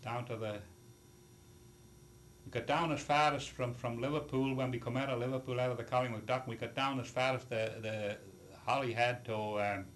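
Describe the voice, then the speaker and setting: A man's voice: medium pitch, steady tone, normal speed, a bit bright. An older man recalls voyages at sea in an oral history interview. He rambles and restarts, tossing in "you see" asides. Faint background noise sits under the voice. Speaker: retired sailor telling of voyages.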